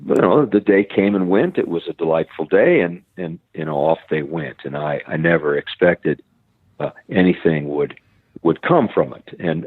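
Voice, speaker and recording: Middle-aged man, very low voice, husky tone, dry narrow phone-line sound, storytelling guest. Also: no room sound. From United States. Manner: repeats words often, acts out quoted voices. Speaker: guest, conservation biologist. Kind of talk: storytelling in a podcast interview.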